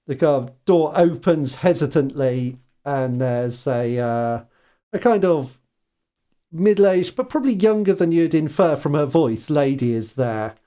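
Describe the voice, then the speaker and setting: A man running a tabletop game as game master, narrating in an unhurried, hesitant way with frequent laughs. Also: fairly high pitch, animated, mellow.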